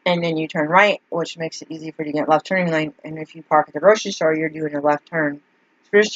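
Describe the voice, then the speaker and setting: A woman's voice: low-pitched, no echo. A woman telling a meandering story in a casual vlog, full of fillers and asides. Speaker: vlogger. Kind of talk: casual rambling monologue. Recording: dull lo-fi dry recording.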